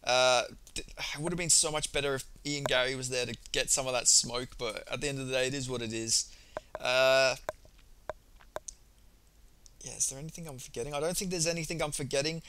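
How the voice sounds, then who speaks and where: A man's voice: mid-range voice, steady tone, fairly quick, pauses often, sharp tone, a little hiss or hum, rough recording. A man giving a casual, rambling fight recap for his channel, swearing freely and speaking offhand. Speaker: MMA YouTuber.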